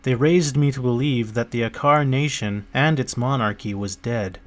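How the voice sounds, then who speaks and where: A man reading an audiobook, voicing a guarded young male prince who speaks in a measured, careful way. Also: mid-range voice, close to an everyday voice.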